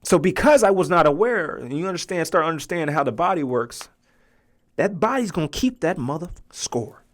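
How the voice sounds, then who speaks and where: A man in his thirties, a podcast host telling a personal story in an animated way and acting out the voices of others. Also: a little high, a little fast. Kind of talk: storytelling monologue.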